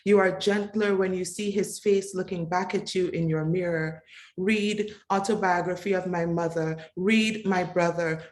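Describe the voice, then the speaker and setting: A woman reading a poem of tribute in a slow, measured, incantatory way, building on repeated refrains. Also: medium pitch. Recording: echoey room.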